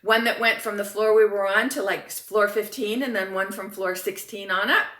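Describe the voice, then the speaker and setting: A woman motivational speaker telling a personal story in an animated, enthusiastic way. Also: mid-range voice, moderate pace, echoey room, far from the mic.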